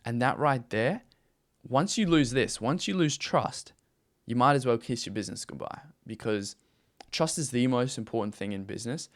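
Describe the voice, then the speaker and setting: A man's voice: medium pitch, moderate pace. An emphatic man talks straight to the listener, hosting a video and coaching people on sales. His voice sits in an ordinary middle range. He repeats his points and keeps asking "okay?" and "right?" to hold attention. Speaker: YouTube host and AI consultant. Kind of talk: direct-to-camera sales advice talk.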